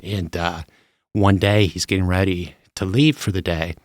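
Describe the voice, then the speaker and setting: A man's voice: low voice, normal speed, dry recording, clean studio sound. A middle-aged man hosting a podcast, talking casually and telling stories with emphasis. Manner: animated, emphatic storyteller. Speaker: podcast host. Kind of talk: casual chat.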